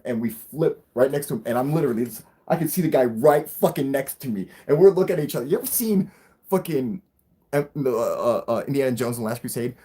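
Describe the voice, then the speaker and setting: A man co-hosting a casual live stream, telling a story excitedly and swearing constantly. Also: mid-range voice, slightly rough.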